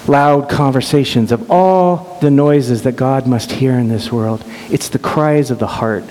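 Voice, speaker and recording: A man's voice: medium pitch, a little mellow. Earnest middle-aged man in an echoing hall. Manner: earnest, halting with restarts and repeated words. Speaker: speaker sharing a personal story. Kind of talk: emotional personal storytelling talk. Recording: reverberant hall with faint hiss.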